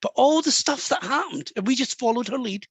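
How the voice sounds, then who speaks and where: A Scottish man, a medium and author, telling a personal story softly and warmly in an interview. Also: very high voice, animated, a little fast, husky, no echo. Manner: soft, warm and anecdotal, drops to a hush at moving moments.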